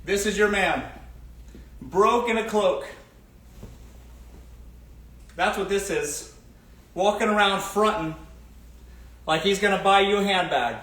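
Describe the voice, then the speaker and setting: Emphatic high-voiced male host. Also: unhurried, pauses often, a bit bright. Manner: emphatic, repeats catchphrases. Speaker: show host. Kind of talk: casual advice livestream. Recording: roomy echo.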